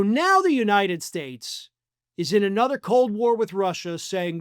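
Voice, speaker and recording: A man's voice: high voice, very animated, measured pace, clean tone, no room sound, clean studio sound. A man hosting online political commentary in a sarcastic, mocking manner. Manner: sarcastic, mocking, acts out quotes.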